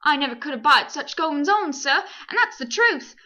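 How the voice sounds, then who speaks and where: A woman's voice: high-pitched, animated, moderate pace, bright, forceful tone, lo-fi sound. A woman voicing a humble, plain-spoken male London cabman who talks in a bashful, homely way in a storybook reading. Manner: homely, bashful, folksy speech.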